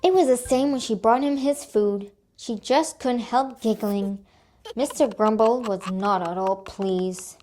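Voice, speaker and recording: A woman's voice: fairly high pitch, measured pace, dark tone, soft background music. Cheerful woman reading a children's story. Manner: cheerful, asks children questions.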